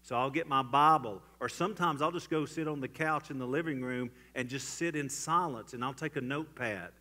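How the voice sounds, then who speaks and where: A man preaching a church sermon, swinging from loud emphatic lines to hushed, quiet ones. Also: mid-range voice, brisk. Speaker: pastor. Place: church sanctuary.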